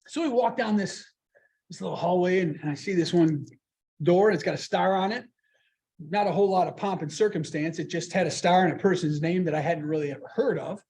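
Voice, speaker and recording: A middle-aged man with a fairly high voice tells stories to a club meeting in a meeting room. He is lively and anecdotal and slips into the voices of the people he quotes. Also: a little fast, slight background noise. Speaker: guest speaker. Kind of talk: storytelling speech at a club meeting.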